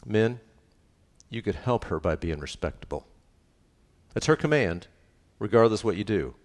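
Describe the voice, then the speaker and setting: Deep-voiced man preaching in a reverberant hall. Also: normal speed. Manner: lively, conversational preaching with frequent "right?" asides. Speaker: pastor. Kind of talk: sermon.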